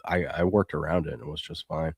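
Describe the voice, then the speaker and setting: A man's voice: rumbling low, quick pace, breathy edge, dry recording, clean studio sound. A man co-hosting a live sports betting show, chatting casually and reading viewer comments aloud. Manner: reads viewer chat aloud, rambling and excitable. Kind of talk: casual live-stream chat.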